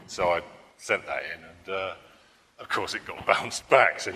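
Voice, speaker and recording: Male political cartoonist at a public talk: deep, bright voice, rambling, dry wit, echoing hall. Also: very animated, a little fast. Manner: rambling, self-correcting, dry humor.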